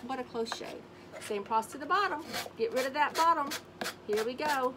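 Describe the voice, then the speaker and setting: A woman hosting a casual craft tutorial, chatting warmly to viewers and humming little scat tunes as she works. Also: sits high, normal speed, noisy background. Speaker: craft video host. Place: home craft space on an acreage.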